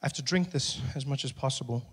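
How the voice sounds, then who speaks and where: A man from South Africa performing a stand-up comedy set, telling stories with lively character voices and sudden soft passages. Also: mid-range voice, fast, breathy edge. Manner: animated storytelling, acts out characters, drops into soft voice. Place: live comedy venue with audience.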